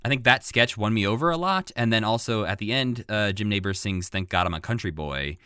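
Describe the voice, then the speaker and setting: A man co-hosting a podcast in casual chat, animated and laughing often as he recounts scenes. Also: on the low side, a little fast, clean tone, no room sound, clean studio sound. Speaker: podcast co-host.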